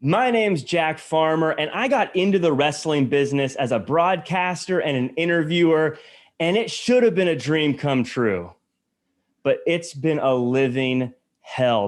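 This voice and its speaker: A man playing a fed-up young wrestling interviewer in a defiant promo, building to a shout. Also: high voice.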